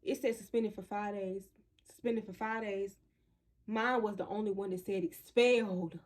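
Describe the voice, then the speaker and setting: A woman spins a casual storytime for her viewers, animated and chatty. She keeps talking straight to them and often circles back to restart a thought. Her voice sits at an everyday middle pitch for a woman. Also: normal speed. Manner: chatty, loose retelling with restarts. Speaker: vlogger.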